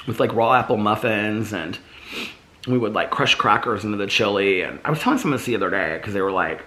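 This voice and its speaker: A man's voice: fairly low pitch, normal speed, a bit bright. A man vlogging in a casual, rambling way, full of fillers and restarts. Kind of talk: casual chat to camera.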